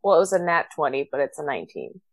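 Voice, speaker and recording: A woman's voice: low-pitched, big pitch swings, very fast, gravelly. A woman playing a tabletop role-playing game with friends, chatting casually and laughing often. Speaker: player.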